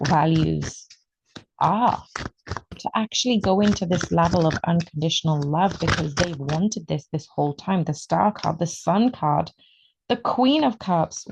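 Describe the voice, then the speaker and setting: A woman giving an excitable, emotional tarot reading, stretching out her words for emphasis. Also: on the low side, a little slow, vocal fry, husky, rough recording. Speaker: tarot reader.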